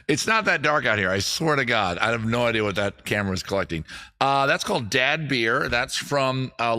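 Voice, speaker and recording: His voice is lowish with a sharp tone. He's a comedy host doing a casual stream from a home studio, captured by a camera-equipped streaming setup, and he swears and rambles loosely while leaping from bit to aside.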